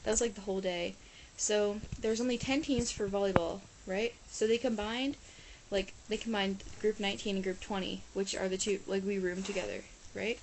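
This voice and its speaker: A woman's voice: medium pitch, fairly even intonation, normal speed, slight background noise, rough recording. A teenage girl from Ohio, an exchange student chatting casually to her camera in a rambling way, full of "like" and restarts. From Ohio, USA. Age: teens. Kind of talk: casual chat.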